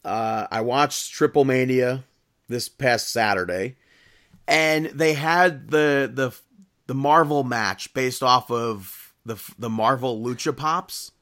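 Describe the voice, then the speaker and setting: A man co-hosting a podcast in a relaxed, chatty way, often laughing. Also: medium pitch, takes it slowly. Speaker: podcast co-host. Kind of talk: casual chat.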